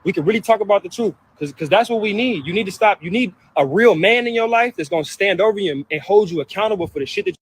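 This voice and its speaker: A man's voice: high voice, lively intonation, fast talker, few pauses, husky. A man vlogging, hurt and upset, venting about family in heated, profane outbursts that keep circling back. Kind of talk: emotional personal venting to camera.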